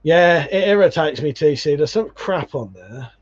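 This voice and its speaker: Animated and at a moderate pace, a livestream host reads viewer comments in a casual chat, swearing and calling people "mate" as he goes. His voice sits a little high, and the audio from the stream is dull and lo-fi.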